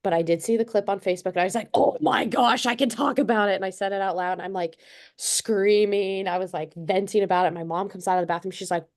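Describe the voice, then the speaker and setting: Young woman, podcast co-host; chatty, animated storyteller, slightly low voice. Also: quick pace. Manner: animated storytelling, acts out quotes. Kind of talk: casual chat.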